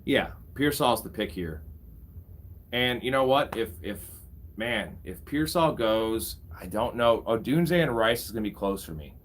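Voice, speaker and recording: A man's voice: on the low side, animated, a little slow, slight background noise. A young man casually commentating a live fantasy football draft, bantering with his chat and swearing freely. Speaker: fantasy football streamer host.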